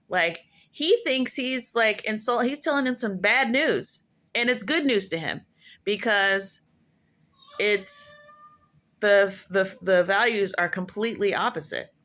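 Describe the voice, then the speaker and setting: A woman's voice: medium pitch, fairly bright tone. A woman talking through spiritual experiences in a casual, rambling monologue, full of fillers and self-corrections. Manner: musing, self-correcting storyteller. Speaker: prophetess sharing spiritual musings.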